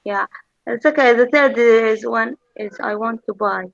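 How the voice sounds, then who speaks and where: A woman's voice: on the high side, unhurried, creaky, dry recording. A woman student answering in class, hesitant and searching for words, on a dull lo-fi recording.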